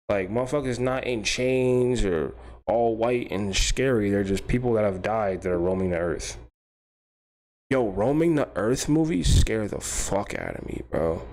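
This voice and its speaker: A man's voice: lowish voice, sing-song, moderate pace, vocal fry, a little mellow. A man hosting a stream, rambling through a casual comedic rant, swearing freely and laughing at his own jokes. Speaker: stream host.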